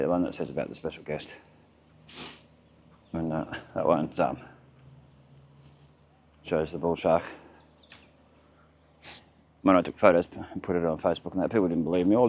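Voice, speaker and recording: A man's voice: rumbling low, steady tone, moderate pace, long pauses, a little mellow. An Australian man chatting in a rambling way while he narrates a walking vlog outdoors by a waterfront, recorded on a handheld camera. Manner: rambling, chatty, muttering asides. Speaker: vlogger. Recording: dull lo-fi camera audio with faint outdoor noise.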